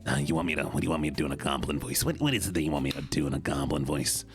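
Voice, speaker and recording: A man voicing a male goblin king who is menacing and silly, with a deep, gravelly, drawn-out delivery. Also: soft background music. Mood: demanding. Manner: mock-threatening, drawn out. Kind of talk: live stream bit.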